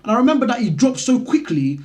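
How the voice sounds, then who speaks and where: A man's voice: very high-pitched, big pitch swings, quick pace, dark tone. A young man casually telling a story from his school years, peppering it with "you know what I mean".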